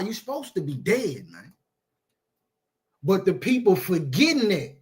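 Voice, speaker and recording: A man's voice: sits high, sing-song, unhurried, long pauses. A man preaching an informal sermon, emphatic and repetitive, with streetwise phrasing and frequent asides of "man".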